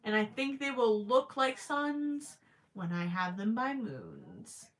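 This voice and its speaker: A woman's voice: on the high side, very animated, slow. A young woman livestreaming while she crochets, chatting casually and reading viewer comments aloud.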